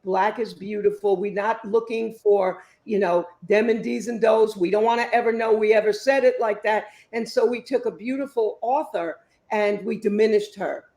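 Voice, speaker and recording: A woman in her fifties answers interview questions as a guest author. She talks in an expressive, emphatic storytelling way, and her voice sits in a middle pitch. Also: moderate pace. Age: 50s.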